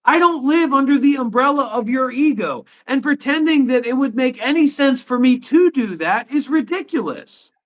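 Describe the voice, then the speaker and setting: Stream host, man in his thirties, high and indignant, rants and swears at his co-host. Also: expressive, normal speed, hardly any pauses. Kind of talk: heated live stream argument. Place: his apartment.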